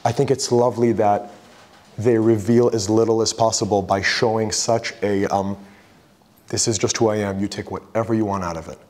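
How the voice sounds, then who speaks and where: A man's voice: fairly low pitch, steady tone, moderate pace, a little mellow. A man giving an artist talk about his photographs, chatting loosely and retelling conversations with lots of "like". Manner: loose and chatty, full of "like" and retold dialogue. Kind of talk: casual talk to a gallery audience. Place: gallery hall. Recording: long reverb of a gallery hall.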